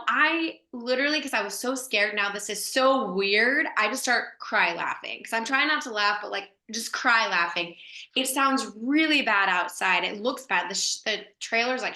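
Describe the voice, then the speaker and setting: Her sharp, medium-pitched voice echoes around the room as she talks. Guesting as an actress, she spins a lively story, chatting freely with plenty of "like" and laughing as she goes.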